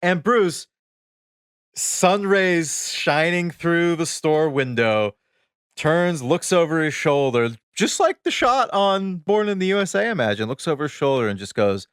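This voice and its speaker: Animated male podcast storyteller. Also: unhurried, clean tone, no echo, clean studio sound. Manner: animated storyteller, drops voice low for asides. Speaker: podcast co-host. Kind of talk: casual chat, storytelling.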